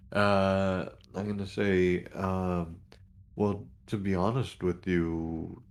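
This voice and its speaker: A man playing a station commander in a tabletop role-play, talking haltingly with many restarts. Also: sits low. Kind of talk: tabletop role-play, in character and narrating actions.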